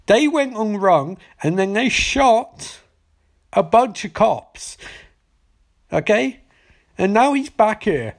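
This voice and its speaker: A man's voice: fairly high pitch, moderate pace, a little mellow, natural voice. A man doing a ranting, blustering governor. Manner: ranting, scolding. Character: blustering, foul-mouthed male governor.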